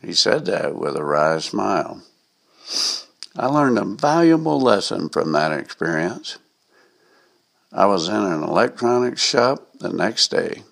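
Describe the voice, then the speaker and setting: A man with a gravelly voice reading a personal anecdote aloud, in a wry, self-mocking way. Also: deep voice, sing-song, a little slow, fairly bright tone. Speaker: storyteller.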